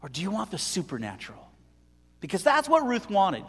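A middle-aged man preaching a sermon with animated delivery, telling stories and acting out voices. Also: high voice, a little fast, husky, in a large hall. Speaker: pastor.

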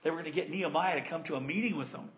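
High-voiced, animated male preacher. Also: racing. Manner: animated, conversational, playful. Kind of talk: sermon.

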